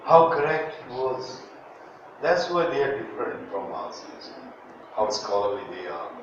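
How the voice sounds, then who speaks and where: Echoey Bangladeshi teacher drilling pronunciation. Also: male voice, mid-range voice, sing-song, a little slow, background noise. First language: Bengali. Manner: drills words for students to repeat, jokes and chuckles. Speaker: English teacher. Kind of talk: classroom pronunciation lecture. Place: large classroom. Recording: very echoey, distant, muffled room recording.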